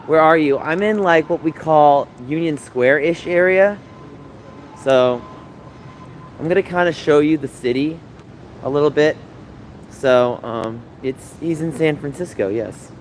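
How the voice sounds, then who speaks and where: A man's voice: fairly high pitch, measured pace, low-quality recording. Man in his thirties streaming outdoors. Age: 30s. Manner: chatty and emotional, reading out viewer comments. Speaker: livestreamer. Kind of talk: casual livestream chat. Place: city streets at night, outdoors. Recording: street noise behind. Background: city traffic noise.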